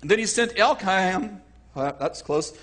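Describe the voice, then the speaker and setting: Male preacher, high husky voice, animated sermon delivery with acted-out voices. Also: takes it slowly. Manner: animated, acts out voices, self-correcting.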